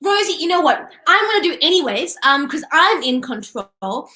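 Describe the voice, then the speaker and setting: A woman hosting a children's show, coaxing and a little hesitant. Her voice is high and lively, with plenty of rise and fall, and the room around her rings with echo. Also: moderate pace. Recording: echoey room.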